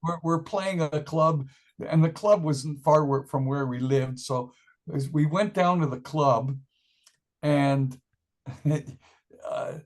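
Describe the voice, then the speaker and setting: An older man tells a long story in an interview, talking in a rambling way with many restarts. He laughs often and acts out what others said. His voice sits a bit high for a man. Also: slow. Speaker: musician guest.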